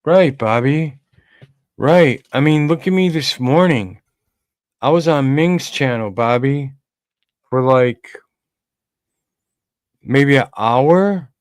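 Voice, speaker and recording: A man's voice: medium pitch, expressive, takes it slowly, long pauses, no echo, studio quality. A man co-hosting a podcast livestream, rambling casually and greeting chat viewers by name. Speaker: podcast co-host.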